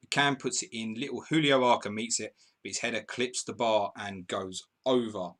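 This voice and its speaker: A male host runs a live football stream, reading out viewer comments and bantering with them as match updates come in. His voice sits a little low but comes across bright and forceful. He laughs often and keeps it loose and conversational. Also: steady tone, moderate pace. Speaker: podcast host.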